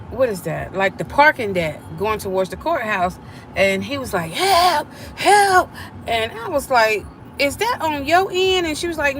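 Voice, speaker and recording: A woman's voice: medium pitch, a little hiss or hum. A middle-aged woman, chatting with viewers during a live stream and acting out the voices in her story. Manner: animated, acts out quoted voices.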